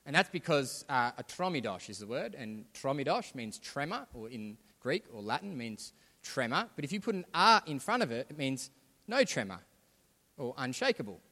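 Pastor preaching in a reverberant hall. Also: male voice, mid-range voice, sing-song, moderate pace, bright, forceful tone. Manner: conversational preaching, rising to emphatic. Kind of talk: sermon. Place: church hall.

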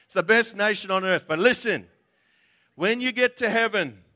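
Male preacher, bright and somewhat high voice, chatty and joking with the crowd. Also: normal speed. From from outside Australia. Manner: conversational, humorous, asks the audience questions. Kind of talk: sermon.

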